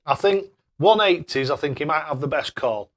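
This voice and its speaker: A man's voice: fairly high pitch, lively intonation, moderate pace, a bit bright. A man hosting a casual live stream, chatting away and thanking viewers by name with matey banter. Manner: matey banter, calls people mate.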